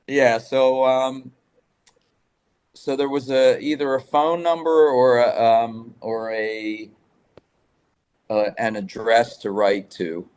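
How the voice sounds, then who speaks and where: A man's voice: mid-range voice, steady tone, slow, pauses often, a little mellow, clear, resonant tone. A man guest telling rambling rock-scene stories in a casual interview, swearing freely. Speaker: guest musician.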